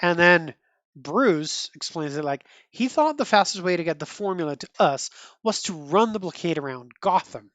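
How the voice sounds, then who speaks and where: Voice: mid-range voice, lively intonation, moderate pace, a bit bright, no room sound. A podcast host in their thirties or older giving casual, rambling commentary on a comic book. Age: 30s or older. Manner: chatty, rambling, frequent restarts and laughs.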